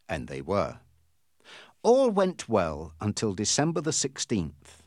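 A man reading a storybook aloud as narrator in a clear, deliberate way. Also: lowish voice, huge pitch swings, a little mellow, dry recording, clean studio sound.

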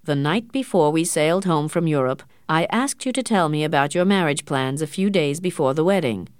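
A woman reading the part of a stern, cold older man, a wealthy doctor and father, speaking slowly and coldly. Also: sits low, animated, smooth, dry recording, clean studio sound. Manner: slow, cold and measured. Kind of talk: audiobook character reading.

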